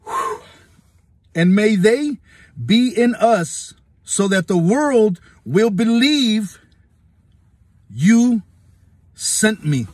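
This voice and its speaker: Recording a Bible devotional on his phone camera, a man preaches with fervor in a high, sing-song voice, speaking extremely slowly with frequent pauses. He repeats himself, poses rhetorical questions and laughs along the way, and there's no room sound.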